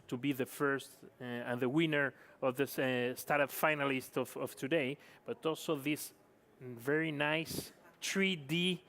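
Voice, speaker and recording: Male stage host for a live competition, a bit high-pitched, casual and self-correcting. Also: fairly bright tone. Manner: chatty, apologetic, non-native phrasing. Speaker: event host. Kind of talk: live event hosting. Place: conference stage.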